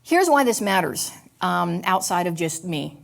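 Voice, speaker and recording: Woman church speaker, candid sermon delivery, halting and personal. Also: lowish voice, big pitch swings, creaky. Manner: candid and confessional, halting with fillers.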